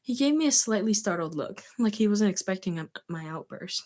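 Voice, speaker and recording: A woman's voice: on the low side, a little fast, few pauses, a little mellow. A woman streaming, reading fan fiction aloud and giggling between passages. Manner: giggly, breaks off to comment.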